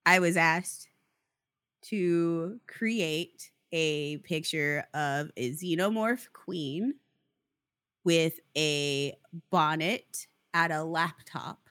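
A woman's voice: deep voice, drawn-out words, a bit bright, smooth, dry recording. A woman co-hosting a podcast, chatting casually with a playful, persistent manner. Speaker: podcast co-host.

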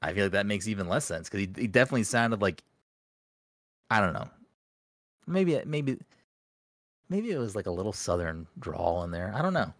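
A man's voice: fairly low pitch, sing-song, normal speed, long pauses, a bit bright, no room sound, studio quality. A man co-hosting a podcast, chatting casually, rambling and swearing freely. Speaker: podcast co-host. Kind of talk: casual chat.

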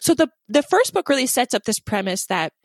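Animated sarcastic woman on a dry mic. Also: on the high side, brisk, no room sound. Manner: animated, sarcastic, laughs often. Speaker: podcast co-host. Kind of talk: casual chat.

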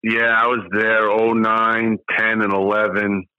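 A middle-aged man, a former hitting coach, guesting on an interview and telling lively anecdotes. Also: on the low side, a little slow, smooth, no room sound. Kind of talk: conversational storytelling. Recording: slightly muffled, dry sound.

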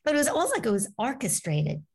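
A woman, a medium and author, telling a personal story as an interview guest, animated and acting out the voices of the people in it. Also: a little high, fast, creaky, husky. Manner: animated, acts out voices in her stories. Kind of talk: conversational storytelling.

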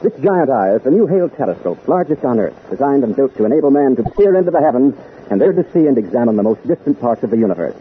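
A man's voice: medium pitch, big pitch swings, quick pace. A male announcer giving an earnest scripted public-service talk to young listeners he calls gang. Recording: tinny old radio broadcast with faint noise.

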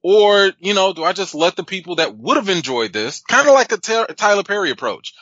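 Bright-voiced man hosting a critics' panel. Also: high voice, brisk, dry recording, highs cut off. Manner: relaxed, joking, summarizing. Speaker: panel host, film critic. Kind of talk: casual panel discussion.

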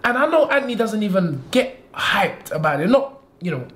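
An English boxing trainer and manager with a high voice chats in a casual interview. He's animated, laughs easily, and repeats himself for emphasis.

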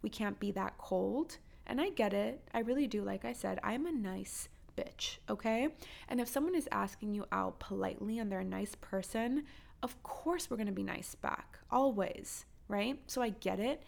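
Gravelly young woman, candid podcast host. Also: medium pitch, moderate pace, darkish tone. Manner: candid, swearing, emphatic rhetorical questions. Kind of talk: casual advice chat.

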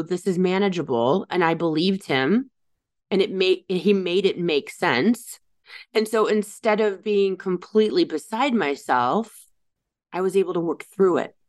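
A middle-aged woman talking candidly and reflectively about her own parenting, correcting herself as she goes and asking rhetorical questions. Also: lowish voice. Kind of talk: reflective personal monologue.

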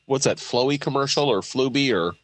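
A man's voice: medium pitch, a little fast, no echo. A man co-hosting a podcast in casual chat, joking and rambling while he searches for words. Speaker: podcast co-host.

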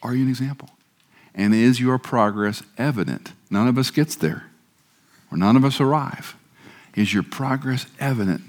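A man's voice: medium pitch, moderate pace. A middle-aged man preaching a sermon, joking at times and leading the congregation in repeated recitation. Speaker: guest preacher.

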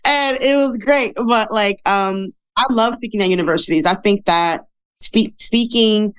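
A woman's voice: mid-range voice, measured pace, clean tone. A woman in her thirties, a guest telling her story in a candid, chatty, self-deprecating way that is full of fillers and laughs. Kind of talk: casual interview storytelling.

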